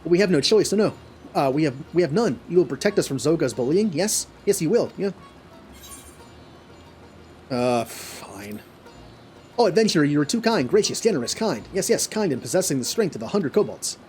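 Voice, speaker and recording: A man's voice: fairly high pitch, very animated, a little mellow, faint music behind. A man reading as a whimpering kobold. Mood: fearful. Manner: halting reading with stumbles. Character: cowering, whining male kobold who repeats himself.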